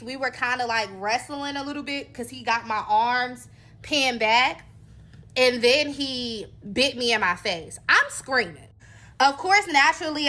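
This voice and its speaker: A woman's voice: sits high, pushed and bright. A woman from North Carolina, candidly telling viewers her own story in a casual, conversational way. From North Carolina, USA.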